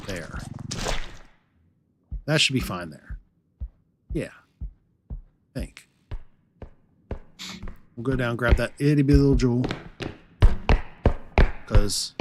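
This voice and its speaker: A man's voice: on the low side, background noise. A man streaming live gameplay, chatting and talking to himself as he plays. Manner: chatty, talks to himself while playing.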